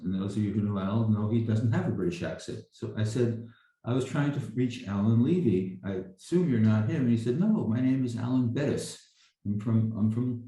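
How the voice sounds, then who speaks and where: A man's voice: lowish voice, mellow. An older man telling a personal story in a rambling way, with frequent restarts. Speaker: speaker sharing a memory. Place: home, recorded over a video call. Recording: very echoey room.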